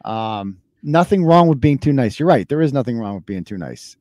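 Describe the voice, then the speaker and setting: A man's voice: mid-range voice, lively intonation, normal speed, warm tone, no room sound. A man in his thirties hosting a live podcast, ranting in a casual, profane and mocking way. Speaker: podcast host. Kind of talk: casual live-show rant.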